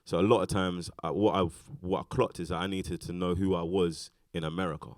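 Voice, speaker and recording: Deep, fast-talking British man. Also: steady tone, no echo, studio quality. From Britain. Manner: rambling, lots of fillers and restarts. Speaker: actor, interview guest. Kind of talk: casual onstage conversation. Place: festival stage talk.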